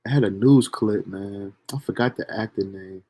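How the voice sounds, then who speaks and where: A young man telling a story from his own life in a casual, animated, profane way. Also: fairly low pitch, normal speed. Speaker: storyteller streamer.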